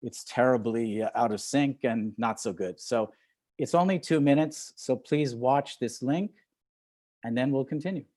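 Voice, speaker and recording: A man's voice: mid-range voice, a little slow, a little mellow. An older man, a film director, addressing an audience over a video call, hesitant, with frequent fillers, restarts and chuckles. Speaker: film director, guest speaker. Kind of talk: relaxed talk on a video call.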